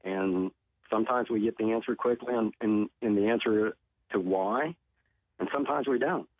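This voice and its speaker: A tornado survivor from Oklahoma, guesting on a talk show, speaks at a normal speed in a voice on the low side. He earnestly recounts a personal story and often repeats himself, all over a tinny phone line.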